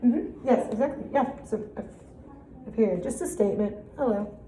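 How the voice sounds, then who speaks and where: A woman's voice: fairly high pitch, brisk, dark tone. A young woman teaching a reading lesson, upbeat and encouraging with her students. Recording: echoey room with clear background noise.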